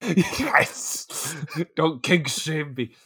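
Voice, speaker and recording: A man chats about a movie, giggling constantly as he talks. His voice is breathy and swings widely in pitch, recorded dry and close. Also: big pitch swings, very slow, fairly bright tone, no echo. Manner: giggly, laughs through his words. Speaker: podcast co-host. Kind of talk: casual movie chat.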